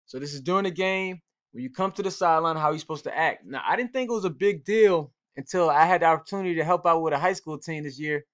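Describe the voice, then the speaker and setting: Male football coach, slightly high voice, casual and direct, repeats key points, muffled lo-fi audio. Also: fast, hardly any pauses, a bit bright. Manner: direct, repetitive, coach-like urging. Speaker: football coach and cornerback trainer. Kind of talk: casual instructional talk to young players.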